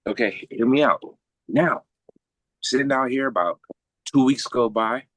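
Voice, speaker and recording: A man's voice: mid-range voice, measured pace, no echo. A man telling a long personal story in casual talk, swearing freely and acting out the voices of the people in it. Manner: animated, swears freely, acts out quoted voices.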